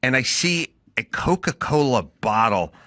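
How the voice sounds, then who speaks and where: A man's voice: mid-range voice, a little slow. A man hosting a podcast, telling stories in casual chat with plenty of swearing. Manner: profane, animated storyteller. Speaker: podcast host.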